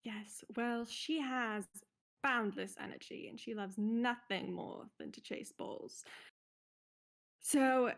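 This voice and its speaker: A woman playing a tabletop game, questioning a prisoner calmly and with quiet threats. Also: on the high side, slow, creaky. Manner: calm, threatening interrogation. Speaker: player. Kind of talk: in-character tabletop role-play.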